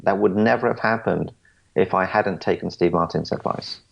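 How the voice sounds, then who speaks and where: Interview guest, man in his forties, deep and gravelly, earnest storyteller who stammers, muffled lo-fi audio. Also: normal speed. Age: 40s. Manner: earnest, stammers and restarts, quotes others. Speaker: podcast guest.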